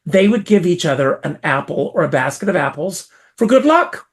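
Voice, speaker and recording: A performer from South Carolina, speaking on the high side at normal speed, tells his story as an interview guest. His delivery is lively and theatrically emphatic.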